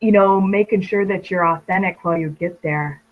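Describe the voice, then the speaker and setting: A woman's voice: fairly low pitch, moderate pace, slight background noise. Affirming woman host, dull lo-fi audio. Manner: encouraging, affirming with "right?" and "you know". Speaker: podcast host. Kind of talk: casual podcast chat.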